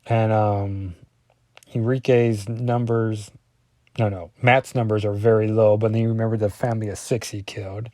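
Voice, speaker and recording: A man's voice: lowish voice, little pitch movement, normal speed, dark tone, no room sound. A man casually reviewing a comic book page by page, rambling and often correcting himself with lots of ums.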